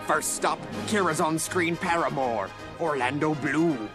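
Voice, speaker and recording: A man's voice: fairly high pitch, lively intonation, unhurried, music in the background. A man hosting a TV show with goofy, hammy patter and mock-dramatic narration. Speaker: TV host.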